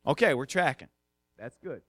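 A man's voice: mid-range voice, lively intonation, moderate pace, a bit bright, dry recording, studio quality. A male pastor preaching a sermon in a conversational, emphatic way, with casual asides.

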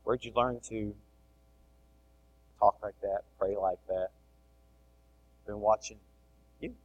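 A middle-aged man preaching a sermon, animated, swinging between loud emphasis and soft asides. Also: lowish voice, slow pace, highs cut off. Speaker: pastor.

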